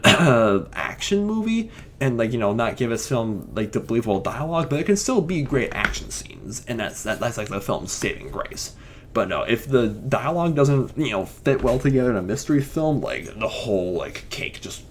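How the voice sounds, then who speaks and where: Young male film reviewer, lively pitch swings, chatty and filler-heavy, faint background hiss. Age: young adult. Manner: rambling, filler-heavy, enthusiastic with frequent restarts. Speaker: movie reviewer. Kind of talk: casual spoken film review.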